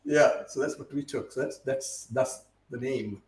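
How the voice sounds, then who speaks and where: A man's voice: mid-range voice, unhurried, reverberant, low-quality recording. A man from Botswana, a guest on a casual live-stream chat, telling stories with many restarts and repeated words. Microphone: video call.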